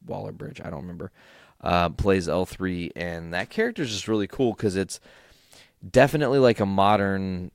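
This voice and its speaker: A young man hosting a podcast alone, recapping excitedly, rambling and swearing freely. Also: sits low, normal speed, vocal fry, smooth, no room sound, studio quality. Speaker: podcast host. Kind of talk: casual solo recap.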